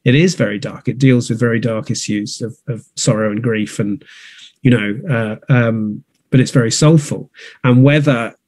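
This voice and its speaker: A man's voice: lowish voice, steady tone, normal speed, a little mellow, husky, dry recording. A man, a theatre producer, talking in a thoughtful, conversational way with many restarts and fillers. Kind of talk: conversational interview. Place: north of England.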